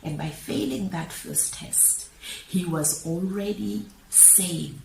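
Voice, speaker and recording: A woman with a low, gravelly voice talks slowly and deliberately, reading letters aloud and pausing often. Her voice rings in an echoey room with faint noise behind it. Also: big pitch swings, darkish tone. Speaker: motivational speaker.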